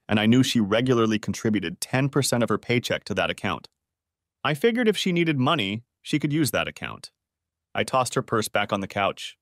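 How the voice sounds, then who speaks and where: A male audiobook narrator telling a first-person revenge story in a calm, matter-of-fact way. His voice sits mid-range but moves with lively rises and falls. It is recorded close and dry, with no room echo. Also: mid-range voice.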